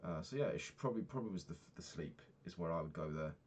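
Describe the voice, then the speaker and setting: A young man, a personal trainer, candidly recapping his week and swearing freely, getting animated when retelling annoyances. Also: sits low, fast talker, a little hiss or hum. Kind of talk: casual vlog recap.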